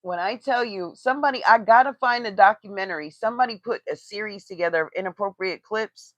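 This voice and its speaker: A woman's voice: mid-range voice, fast talker, a bit bright, dry recording. A woman giving blunt, profane, mocking gossip commentary on a casual livestream. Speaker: tarot reader and commentator. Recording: dry, slightly dull lo-fi sound.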